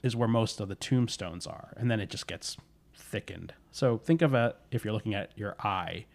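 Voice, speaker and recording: A man's voice: lowish voice, normal speed, creaky. A man telling a spooky story in casual podcast chat, rambling with fillers and correcting himself.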